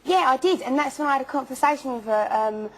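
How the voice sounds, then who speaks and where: Husky young woman. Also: sits high, expressive, fast talker, fairly bright tone, poor audio. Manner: stammering, repeats words, emphatic denials. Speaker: interview guest. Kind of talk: TV interview, defensive apology.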